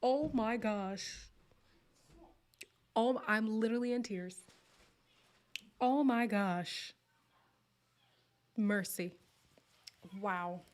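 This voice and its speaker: A woman hosts a relaxed live stream from home. She chats in a playful, gossipy way, often laughs, and sometimes slips into a whisper. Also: a little high, drawn-out words, long pauses. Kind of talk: casual live chat reacting to viewer comments.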